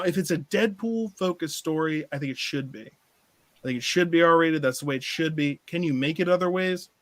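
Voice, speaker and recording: A man's voice: a little high, no echo. A man co-hosting a casual movie review chat, joking and quoting lines in put-on voices, laughing often. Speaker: podcast co-host.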